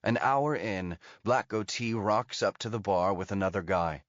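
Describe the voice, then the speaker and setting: A male audiobook narrator with a lowish voice, reading in a steady, measured way. The sound is dull and lo-fi, with a dead, dry feel and no room echo. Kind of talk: scripted narration.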